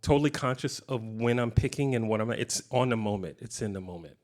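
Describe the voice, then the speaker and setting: A middle-aged man giving a casual guitar clinic in a guitar shop, talking in a relaxed, rambling way with many fillers. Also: mid-range voice, fairly quick. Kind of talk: casual teaching talk. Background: guitar playing.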